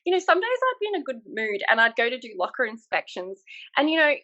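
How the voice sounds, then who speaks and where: Speaking over a remote call in a relaxed interview-style conversation, this former military instructor, an Australian woman in her thirties, shares stories with frank energy and lots of laughter. Her voice is high and quick, and the recording's highs are cut off.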